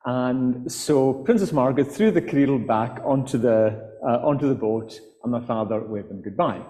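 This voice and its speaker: Mellow Scottish man telling stories. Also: medium pitch, normal speed, hardly any pauses. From Outer Hebrides, Scotland. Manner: hesitant, with frequent fillers and restarts. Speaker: author and guest speaker. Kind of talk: storytelling talk to a live audience. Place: festival hall. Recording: reverberant hall on live mic.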